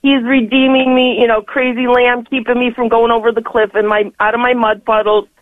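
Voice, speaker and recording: A woman's voice: on the high side, little pitch movement, brisk, dry recording. An older woman calling in to a radio show, talking effusively in long, rambling stretches and laughing often. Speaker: caller. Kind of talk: call-in radio chat. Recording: tinny phone line.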